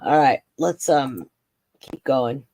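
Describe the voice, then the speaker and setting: A man's voice: mid-range voice, slow pace, a little mellow, a little hiss or hum. A man hosting a true crime livestream, reacting emotionally to court footage, holding back tears, with his voice cracking as he talks bluntly.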